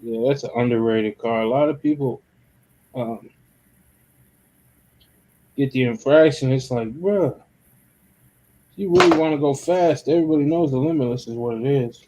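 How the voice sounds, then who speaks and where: A man in casual chat about remote-control cars, swearing freely and reacting quickly. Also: mid-range voice, a little mellow.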